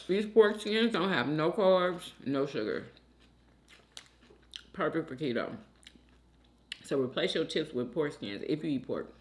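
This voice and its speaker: A woman hosting a mukbang, chatting casually and slowly between bites, humming as she eats. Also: sits low, animated, a little mellow. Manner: slow, chatty, hums with food in mouth. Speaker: mukbang host. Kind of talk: casual mukbang chat while eating.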